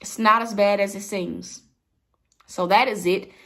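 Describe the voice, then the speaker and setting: A woman delivers a livestreamed sermon from home, driving her points home by repeating them emphatically. She is an online preacher with a mid-range voice, fairly even intonation, and a measured pace, heard through a livestream mic.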